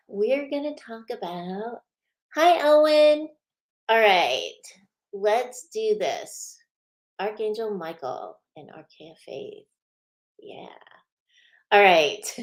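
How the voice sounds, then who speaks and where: A woman's voice: medium pitch, big pitch swings, drawn-out words, pauses often. A woman hosting a spiritual show, chatting casually with many fillers and frequent laughs. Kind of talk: casual live-stream chat.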